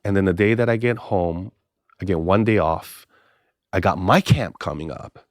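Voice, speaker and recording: A man's voice: moderate pace, no echo, clean studio sound. A middle-aged male pastor from Hawaii, telling a story in casual talk and acting out both sides of the dialogue. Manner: animated storyteller, acts out both sides of dialogue with pitch jumps. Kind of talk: casual storytelling podcast interview.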